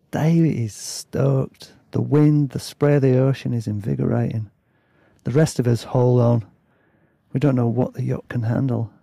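A man's voice: mid-range voice, vocal fry, mellow, breathy edge, no echo, clean studio sound. A man reading his own travel memoir aloud in a laid-back, chatty way, breaking off for asides and self-corrections. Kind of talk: casual story reading.

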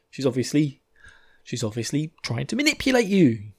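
A man's voice: medium pitch, huge pitch swings, normal speed, darkish tone, breathy edge. Chatty man recapping a book. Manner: rambling, chatty, swears and laughs often. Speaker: book reviewer. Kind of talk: casual chapter recap.

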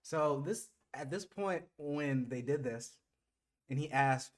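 A man chats through a show recap as a podcast co-host. He sits a little higher in pitch than most men, and his delivery is loose and profane, with plenty of fillers and restarts along the way. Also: animated, normal speed. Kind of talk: casual recap chat.

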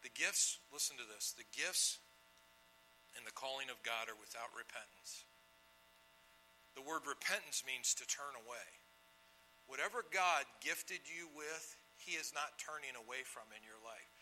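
A male pastor preaching a sermon and telling his own story, animated, swinging from loud outbursts to hushed tones. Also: mid-range voice, moderate pace, a little hiss or hum, rough recording. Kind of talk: sermon with personal testimony.

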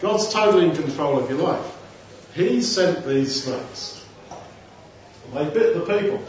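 A man's voice: on the high side, lively intonation, unhurried, slight background noise. Man preaching in a very echoey hall. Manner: conversational, acts out dialogues. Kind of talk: sermon. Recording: echoey room, distant mic, dull sound.

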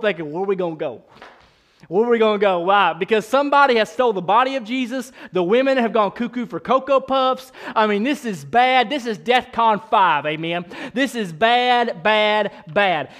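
A male pastor delivers a lively, joking sermon, often speeding up and then slowing down for emphasis. His voice sits high for a man. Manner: animated, playful, shifting pace.

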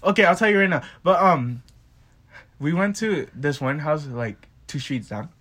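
A man's voice: on the high side, animated, normal speed, a bit bright. A young man rambling through a story in casual chat, giggling often.

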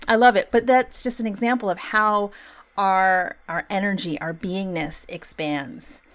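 A woman's voice: mid-range voice, measured pace. Earnest woman musing on spiritual growth. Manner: conversational, earnest, animated with laughs; many "you know" fillers. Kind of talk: reflective spiritual talk.

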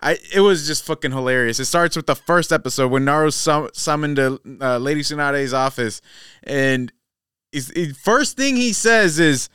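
A man's voice: a little high, moderate pace, clean tone, dry recording, clean studio sound. A man co-hosting a podcast in casual chat, telling funny bits animatedly and swearing freely. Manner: animated, profane storyteller. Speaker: podcast co-host.

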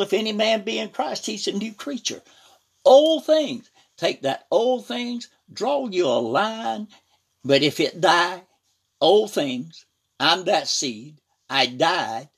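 Husky, lively-voiced preacher man. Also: fairly high pitch. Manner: punctuates with "praise God" and "hallelujah", swinging between loud and soft; reads scripture aloud with preaching emphasis. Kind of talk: sermon.

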